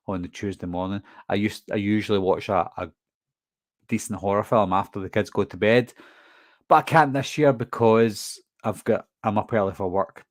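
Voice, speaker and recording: A man's voice: lowish voice, no room sound, clean studio sound. A man from Scotland with a toned-down Glasgow accent, chatting casually on a live stream as he reads out viewer questions and answers them. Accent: Glaswegian Scottish, toned down. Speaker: horror movie channel host.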